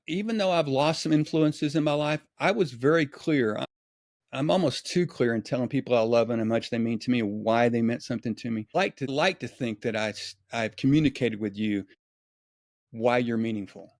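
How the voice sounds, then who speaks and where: Guy telling stories, animated, middle pitch, dry close mic. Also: brisk, no echo. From East Texas. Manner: animated storyteller, acts out quoted dialogue. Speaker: podcast guest, author. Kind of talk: casual storytelling.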